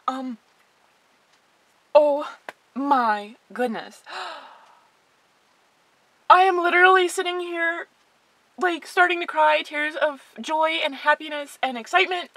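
A woman collector unboxing a doll in a vlog, gushing and squealing with excitement. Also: very high voice, no room sound.

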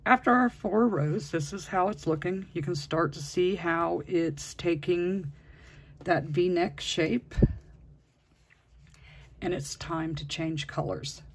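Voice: medium pitch, slow pace, a little hiss or hum. A crochet instructor talking through a project step by step, patiently counting stitches aloud while working. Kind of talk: step-by-step crafting tutorial.

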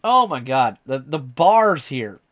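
A man's voice: mid-range voice, sing-song, takes it slowly, fairly bright tone. A man streaming a casual reaction, chatty and enthusiastic as he explains lyrics.

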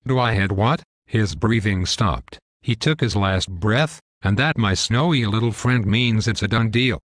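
A pastor voicing a crude, gloating male demon who taunts and insults in a slow, deliberate way. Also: on the low side, no room sound, studio quality. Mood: taunting. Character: crude gloating male demon claiming a dying man's soul. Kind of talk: one-man dramatized dialogue.

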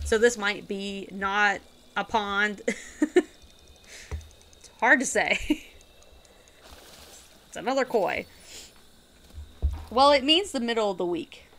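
A woman's voice: medium pitch, sharp tone, clean tone. A woman streamer chatting casually while she plays a game, rambling and giggling as she goes. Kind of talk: casual gaming chat.

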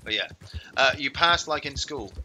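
A man's voice: medium pitch, lively intonation, normal speed, sharp tone, a little hiss or hum. A man streaming a game, chatting loosely and swearing freely as he plays. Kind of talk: casual gaming chat.

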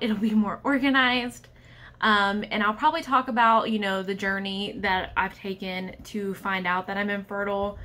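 A woman's voice: medium pitch, a bit bright, a little hiss or hum. A young woman vlogger talking candidly and with frustration about a personal struggle, speaking straight to the camera. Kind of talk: personal vlog monologue.

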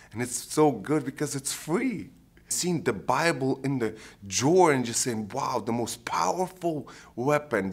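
A man of around thirty from Ukraine, giving an earnest, heartfelt personal faith testimony, often pausing to search for words. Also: mid-range voice. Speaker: program participant giving testimony.

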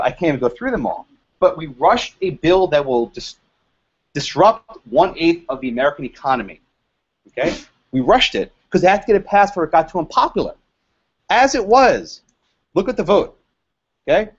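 A man giving a lively, joking law lecture to a live audience, quizzing the room and laughing at his own jokes. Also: sits high. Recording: dull lo-fi lecture recording.

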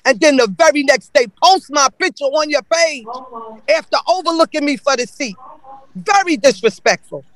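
A man with a very high voice speaks out at a city council meeting, emotional and accusatory, driving his points home again and again. The sound is dry and close, with no room around it. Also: lively intonation, normal speed, a bit bright, no room sound, poor audio. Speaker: public commenter. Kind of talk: impassioned public comment.

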